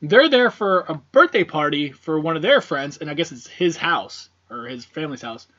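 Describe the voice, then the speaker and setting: A man talking in a loose, meandering way, full of "like" and "um", with frequent curse words. His voice sits a bit high for a man. The recording sounds muffled and lo-fi, like a home podcast setup. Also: lively intonation, moderate pace, pushed and bright. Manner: rambling, profane, many fillers. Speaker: podcast co-host. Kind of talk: casual film discussion. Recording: dull lo-fi podcast audio.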